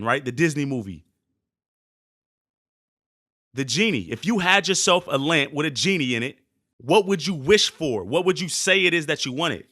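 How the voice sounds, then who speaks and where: A man hosting a motivational podcast, talking intensely and forcefully in a preachy way that sounds almost angry. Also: fairly high pitch, dry recording, clean studio sound. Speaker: podcast host and sports motivation coach. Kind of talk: motivational speech.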